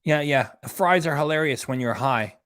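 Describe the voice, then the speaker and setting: A man's voice: on the high side, moderate pace, a bit bright, dry recording, clean studio sound. A man hosting a reaction channel, scolding a streamer in an angry, profane rant. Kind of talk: angry commentary on a livestream.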